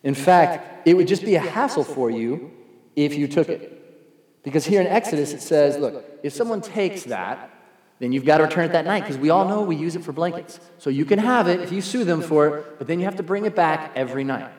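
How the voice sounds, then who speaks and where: Pastor, male, lively sermon delivery, slightly higher voice, big reverberant hall. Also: a little fast. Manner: animated, acts out quoted voices. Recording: echoey hall, long reverb.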